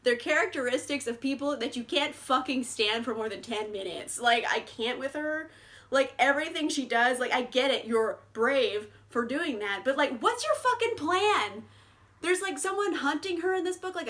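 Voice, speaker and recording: A woman's voice: high voice, normal speed, a bit bright. A young woman chatting casually in a book vlog, swearing freely and laughing often. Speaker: booktuber.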